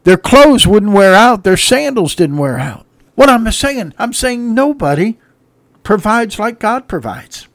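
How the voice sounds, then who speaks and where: A man's voice: high-pitched, big pitch swings, measured pace, dry recording. Fiery preacher man, dry sound. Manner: emphatic preaching, swings from quiet to shouting. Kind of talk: sermon.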